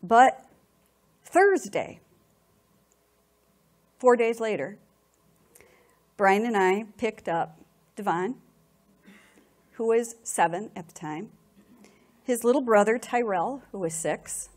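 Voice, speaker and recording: An audience hears a middle-aged woman's personal testimony, told emotionally and with animation, with frequent repeated words in stirred moments. Her mid-range voice moves slowly, broken by long pauses.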